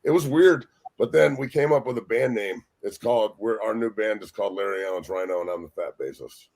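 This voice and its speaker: A deep, husky man spins rowdy, profane stories at full volume, laughing as he goes. He talks like a former football lineman among friends on a sports talk show. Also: fairly quick. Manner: loud, profane, laughing storyteller. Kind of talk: casual storytelling.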